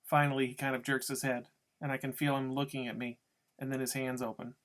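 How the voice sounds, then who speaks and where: A man reads a novel chapter aloud in first person. His telling is steady and tense, at an ordinary middle pitch. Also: a little fast. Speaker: audiobook reader. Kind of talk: first-person storybook narration.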